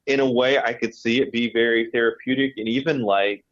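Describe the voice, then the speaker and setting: A man's voice: mid-range voice, fairly even intonation, brisk, no echo, lo-fi sound. A man co-hosting a podcast in casual chat, rambling with restarts and fillers. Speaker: podcast co-host.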